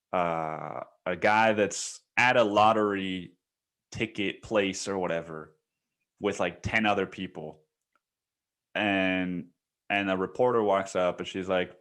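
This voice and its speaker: A man's voice: fairly low pitch, a bit bright. A man hosting a casual solo podcast, rambling, laughing often, swearing and calling the listener dude. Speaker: podcast host.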